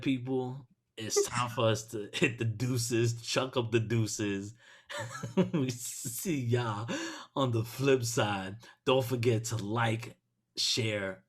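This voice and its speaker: A man from Brooklyn, hosting a podcast in casual, profane, excitable chat and laughing often. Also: fairly low pitch. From Brooklyn, New York. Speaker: podcast host.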